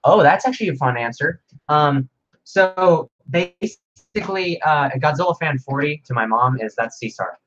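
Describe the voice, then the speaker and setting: A man hosting a casual livestream Q&A, rambling excitedly as he reads viewer comments aloud. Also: a little high, normal speed, dull audio. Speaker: livestream host.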